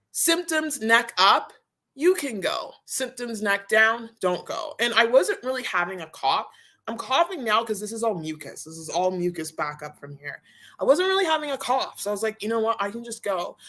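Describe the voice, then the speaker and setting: A woman's voice: medium pitch, bright, forceful tone. A young adult woman chatting casually on a live stream, rambling and candid, still a bit out of breath. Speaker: vlogger.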